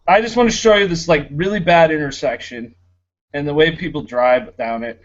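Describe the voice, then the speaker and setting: A young man talks in loose casual chat, rambling and sarcastic, full of fillers. His voice sits a bit high. The recording is dull and lo-fi, like a home podcast setup. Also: normal speed. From Florida, United States. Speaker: podcast co-host.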